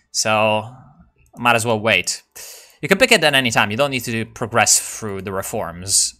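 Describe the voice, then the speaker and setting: A man giving casual commentary while playing a strategy game, excitable and profane, full of ironic meme slang. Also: medium pitch.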